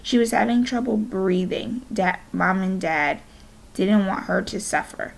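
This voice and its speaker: Teacher reading aloud, creaky voice. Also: female voice, medium pitch, rough recording. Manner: gentle, unhurried reading with small slips and self-corrections. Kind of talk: read-aloud of a children's novel.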